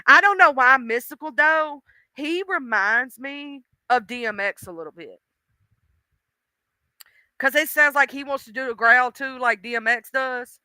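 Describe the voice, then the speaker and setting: Brief: outspoken woman streamer, very bright and smooth, dry close sound, rambling casual chat. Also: high-pitched, expressive, measured pace, no room sound. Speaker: livestreamer.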